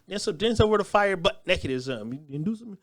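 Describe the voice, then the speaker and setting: A man's voice: sits high, expressive, quick pace, a bit bright. A man giving crude, mocking reaction commentary on video clips, laughing often.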